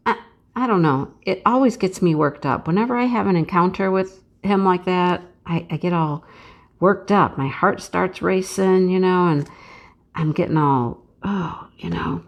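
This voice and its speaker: A woman hosting a casual chat vlog, telling an animated, rambling story and laughing often. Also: on the low side, unhurried, gravelly. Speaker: craft channel host.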